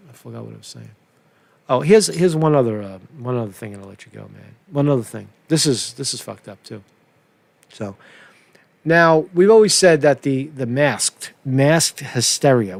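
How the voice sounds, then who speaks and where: A man's voice: mid-range voice, gravelly, dry recording. A man hosting a casual political commentary show, rambling and profane with many restarts.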